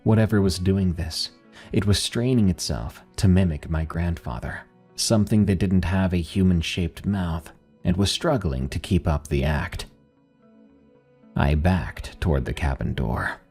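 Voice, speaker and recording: Man narrating horror, very low husky voice, faint music under it. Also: measured pace, a little mellow. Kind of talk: scripted first-person horror narration.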